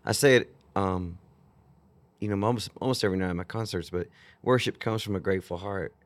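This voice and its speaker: A Texas worship singer-songwriter in his fifties tells stories in an interview, earnest and animated, frequently restarting his sentences. His voice is deep and fairly quick.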